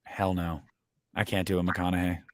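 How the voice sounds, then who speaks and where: Low-voiced man rambling on a livestream. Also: little pitch movement, normal speed, no room sound. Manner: rambling, full of fillers and restarts. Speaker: livestream host. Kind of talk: casual chat.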